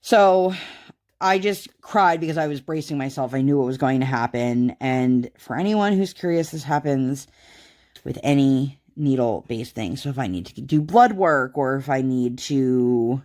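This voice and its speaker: A woman's voice: a bass voice, a little slow, a little mellow. A woman in her thirties chatting casually to the camera as a craft vlogger, rambling along with lots of fillers. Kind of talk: casual chat.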